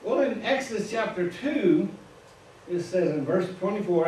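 Folksy Midwestern preacher in an echoey church. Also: male voice, high-pitched, animated, moderate pace, darkish tone, a little hiss or hum. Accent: Midwestern American. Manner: folksy storytelling, chuckles at his own asides. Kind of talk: informal sermon. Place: church sanctuary. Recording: echoey room, far from the mic.

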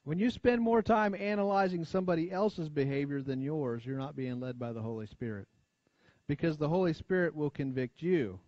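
An American man preaching a sermon, talking plainly to his congregation, asking for amens and dropping his voice low and quiet to stress key points. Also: dry recording. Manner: conversational preaching, frequent call-and-response asides. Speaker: pastor. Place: church sanctuary. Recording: dull lo-fi church recording.

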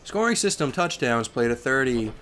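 Young male let's-player, plain mid voice, erratic: quiet asides, sudden loud rants, music bed behind. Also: medium pitch, big pitch swings, normal speed. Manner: swings from mumbling to yelling at the game. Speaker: gaming commentator. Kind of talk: let's play commentary. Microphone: headset or desk microphone.

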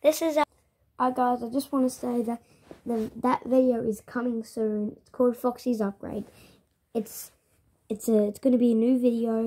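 A playful woman with a somewhat high voice improvises a plush toy show. She hops between a string of character voices as she plays. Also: mellow, husky. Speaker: plush video maker.

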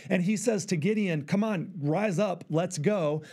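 A middle-aged male pastor preaching, acting out voices in an animated way. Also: sits high, unhurried, breathy edge. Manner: animated, acts out dialogue with God. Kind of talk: sermon.

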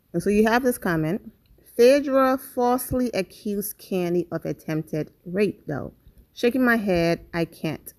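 A woman hosting a celebrity gossip channel, reading viewers' comments aloud and reacting with quick, animated asides. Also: mid-range voice.

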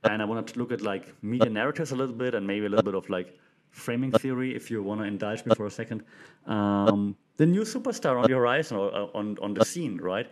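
A man's voice: on the low side, lively intonation, fast talker. A young man hosting a casual commentary show, talking with enthusiasm and acting out quotes in a livelier voice. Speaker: podcast host.

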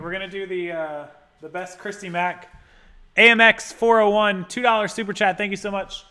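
A man with a high, bright voice hosts a casual livestream. He rambles and thinks aloud while tinkering with settings, and he stops to thank viewers for their donations. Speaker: livestream host. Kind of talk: casual live-stream chat.

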